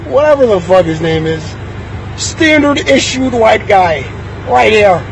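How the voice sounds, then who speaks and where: A man with a strikingly high voice films himself on his phone at a roadside gas station. He mocks the police loudly and excitably, often breaking into shouts. Faint traffic noise sits behind him. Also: measured pace, vocal fry, poor audio. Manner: loud, mocking, excitable, often shouting and laughing. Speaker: driver getting a ticket. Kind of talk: live-streamed mocking commentary. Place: outdoors at a gas station by the road.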